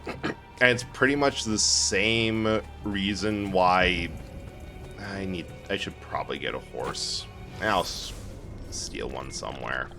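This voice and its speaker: A man's voice: low-pitched, slow, gravelly, music in the background. A man chatting casually and joking to his viewers while he plays a video game on a live stream, laughing often. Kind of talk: casual live gameplay commentary.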